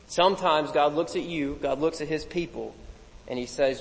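Casual, joking preacher in a reverberant hall. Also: male voice, a little high, moderate pace. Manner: casual and humorous, with asides. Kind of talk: sermon.

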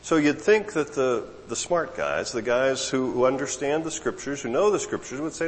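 A man preaching a sermon, emphatic and repetitive, dropping low and then rising sharply for emphasis. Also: animated, moderate pace. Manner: emphatic, repeats words, swings from low murmur to raised voice. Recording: long hall reverb.

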